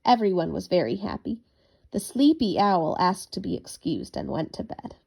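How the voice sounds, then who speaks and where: A woman reading a children's bedtime story aloud in a gentle, expressive storytelling manner. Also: lowish voice, moderate pace, vocal fry, slightly rough.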